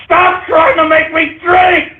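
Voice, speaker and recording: A man voicing a frantic, short-tempered male radio sidekick in a whiny, shouting rant. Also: extremely high pitch, flat delivery, slow pace. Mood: pleading. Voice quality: whiny, shouting, exasperated ranting. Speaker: radio show regular. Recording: tinny phone-like audio.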